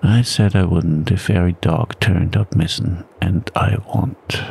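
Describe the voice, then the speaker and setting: A man's voice: sits low, fairly even intonation, a little slow, gravelly, a little mellow, slight background noise, full character voice. A man doing a grumbling, stubborn old-time trail man. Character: grim stubborn male frontier dog-sledder.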